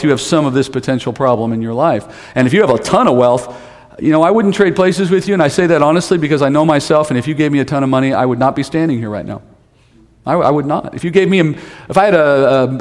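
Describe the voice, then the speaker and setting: A male pastor with a fairly high-pitched voice delivers a sermon in a reverberant hall. His preaching is conversational, mixing humor and side remarks.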